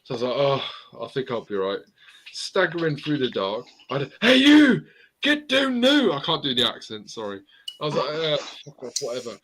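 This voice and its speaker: A man in his forties hosting a casual live chat, an animated storyteller who laughs at his own tales. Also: mid-range voice, a little fast. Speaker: host.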